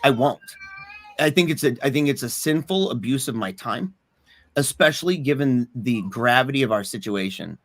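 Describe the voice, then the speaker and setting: A man's voice: mid-range voice, expressive, moderate pace, a bit bright, a little hiss or hum. A man co-hosting a casual podcast, talking earnestly and animatedly, often laughing and repeating himself. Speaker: podcast co-host.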